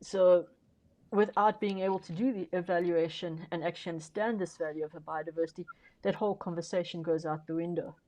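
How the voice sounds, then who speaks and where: A woman's voice: on the low side, steady tone, brisk, a little mellow, rough recording. A woman speaking on a conference panel, making her case emphatically and persuasively, stressing key words and often restarting her sentences. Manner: frequent fillers and restarts.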